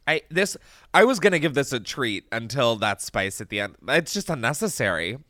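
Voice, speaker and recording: A man hosting a podcast in casual chat, animated and chatty, swearing freely and laughing often. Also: medium pitch, a little fast, dry recording, clean studio sound. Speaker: podcast host. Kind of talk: casual chat, candy taste test.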